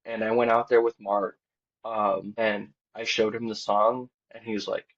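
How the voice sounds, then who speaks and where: Low-voiced man telling a long story, muffled audio. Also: normal speed. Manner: rambling, heavy on "like" and quoted dialogue; quiet and low-key, lifting when excited. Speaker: podcast guest, band vocalist. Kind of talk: casual storytelling interview. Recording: dull, muffled podcast audio.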